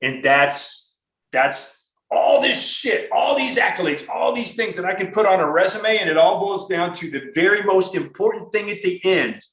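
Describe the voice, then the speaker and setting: A man's voice: high-pitched, expressive, moderate pace, fairly bright tone, reverberant, low-quality recording. A man hosting a podcast interview, talking in an earnest, rambling, profane way with lots of restarts. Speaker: podcast host. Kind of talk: casual conversational interview.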